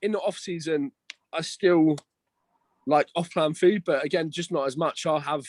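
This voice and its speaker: A man's voice: a little high, moderate pace, a little mellow, no room sound. A young man chatting casually as a podcast guest, slangy and swearing, calling everyone "mate" and "bro".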